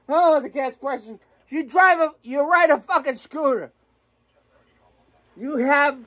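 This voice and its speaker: Slow, high-voiced ranting New woman. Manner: cursing, mocking, cackling. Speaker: vlogger. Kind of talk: profane political rant.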